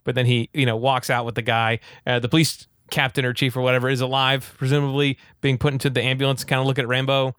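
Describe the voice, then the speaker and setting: A man casually retelling a movie plot in a rambling, animated way, full of fillers. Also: mid-range voice, fast talker, few pauses, clean tone, no room sound, studio quality.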